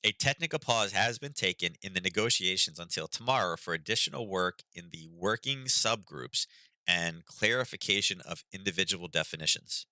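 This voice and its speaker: A man's voice: sits low, lively intonation, normal speed, pushed and bright, no room sound, poor audio. A man hosting a casual trading stream, talking loosely with lots of ums and sarcastic asides, tired and getting over being sick. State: recovering from illness, yawning. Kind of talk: casual market commentary.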